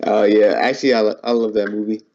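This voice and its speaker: A man's voice: fairly low pitch, little pitch movement, fast talker, darkish tone. A young man as a guest in a casual chat, easygoing and agreeable, who hedges a lot with "like". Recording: muffled lo-fi recording.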